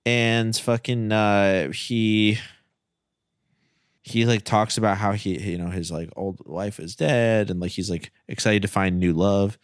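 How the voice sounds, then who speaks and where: A man with a slightly low voice rambles through a casual podcast chat. He jokes and leans on fillers. The recording is dry and close. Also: fairly even intonation, measured pace, smooth, no room sound. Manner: rambling, jokey, many fillers. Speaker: podcast co-host.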